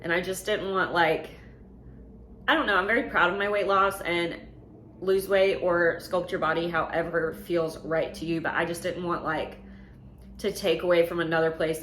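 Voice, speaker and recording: A young woman in her twenties with a drawl chats frankly in a casual vlog, with lots of "um" and "like". Her voice sits a little low, and faint room hum runs behind her. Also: fairly even intonation, moderate pace, a bit bright. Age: 20s. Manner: chatty, filler-heavy, frank. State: slightly out of breath. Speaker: vlogger.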